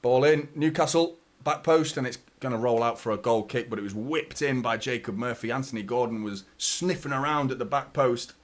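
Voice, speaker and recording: Man, light mancunian accent, fan match commentary, middle pitch, chatty, rambling, excitable at chances. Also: brisk, few pauses. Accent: light Mancunian, mostly neutral. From Manchester, England. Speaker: fan watchalong host. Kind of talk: live match commentary and casual chat.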